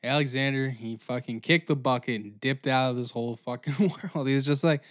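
A man's voice: medium pitch, brisk, hardly any pauses. A man hosting a comedic history podcast, riffing with profanity and frequent laughter. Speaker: podcast host.

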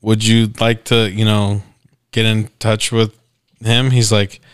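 A man's voice: on the low side, flat delivery, slow, clear, resonant tone, no echo. A man co-hosting a podcast, telling a profane story in casual chat with lots of acted-out quotes. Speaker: podcast co-host.

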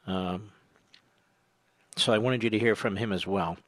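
A man's voice: lowish voice, fairly even intonation, measured pace, dry recording. An older man hosting a political talk radio show, delivering a combative, sarcastic monologue that swells to emphatic peaks. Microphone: studio microphone.

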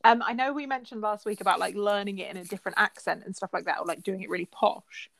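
A woman's voice: mid-range voice, steady tone, quick pace, creaky, fairly bright tone. A married woman from England co-hosting a podcast over a call, rambling and self-deprecating as she chats. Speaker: podcast co-host. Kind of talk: casual chat. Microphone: remote call.

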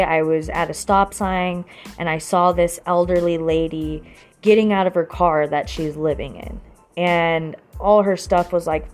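A young adult woman in a casual, rambling monologue, earnest and heavy on "you know" fillers. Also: on the low side.

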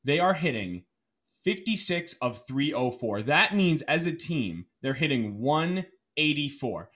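A man co-hosting a casual sports podcast, laying out statistics in a steady, level-headed way. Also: a little high, measured pace. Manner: steady, reads out stats, calms his partner. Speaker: podcast co-host.

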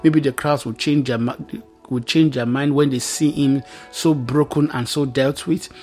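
A man's voice: mid-range voice, steady tone, unhurried, a little mellow, faint music behind. A man preaching a Bible teaching sermon, reading scripture aloud and explaining it with emphatic repetition.

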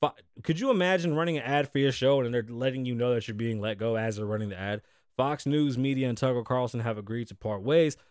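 A man's voice: mid-range voice, fast talker, darkish tone, no room sound, studio quality. Profane, joking man hosting a podcast. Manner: profane, joking, loose and rambling. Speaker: podcast host. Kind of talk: casual podcast chat and reading news aloud.

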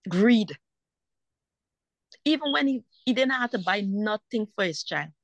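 A woman's voice: medium pitch, lively intonation, measured pace, no echo. A woman speaks with mounting indignation about her custody fight, circling back to her points again and again. Her voice sits in a middle register and is recorded dry and close. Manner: heated, repetitive, indignant. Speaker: mother in a custody dispute. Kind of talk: emotional personal account.

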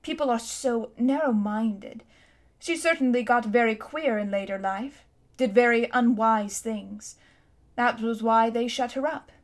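A woman reading a storybook aloud, voicing a sly, self-satisfied elderly man with a slow, coaxing manner. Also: on the high side. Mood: smug. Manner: smooth, slow and coaxing, with a hint of menace.

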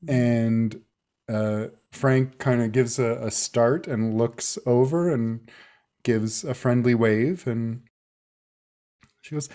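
Slow, mellow-voiced game master, hesitant, filler-heavy narration. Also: male voice, mid-range voice.

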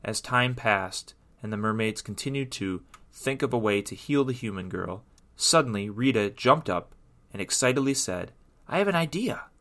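A man reading a children's story aloud in an expressive, sing-song storytelling way. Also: lowish voice, normal speed.

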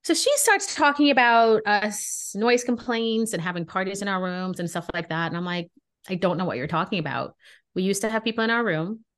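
A woman's voice: mid-range voice, brisk. A woman co-hosting a podcast, telling a story in casual chat and acting out the dialogue with indignation. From Brooklyn. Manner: animated, indignant, acts out dialogue. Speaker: podcast co-host.

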